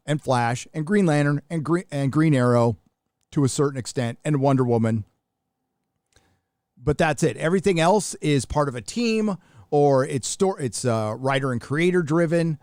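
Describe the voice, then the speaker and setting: A man's voice: medium pitch, darkish tone, no room sound, studio quality. A middle-aged man from the United States hosting a live stream, talking bluntly and profanely in rambling casual commentary with many restarts.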